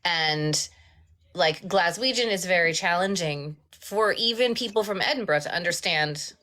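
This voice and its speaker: A woman hosting a casual live-stream chat about narration, emphatic and quick to chime in with agreement. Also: on the low side, bright, forceful tone. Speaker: host and audiobook narrator.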